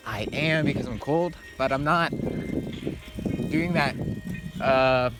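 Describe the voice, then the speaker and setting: A man's voice: on the high side, unhurried, very noisy. A man vlogging outdoors as he walks uphill before dawn. He rambles through a casual monologue, swearing and filling his talk with ums and likes. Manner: meandering, swears a lot, full of fillers. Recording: music playing under the voice.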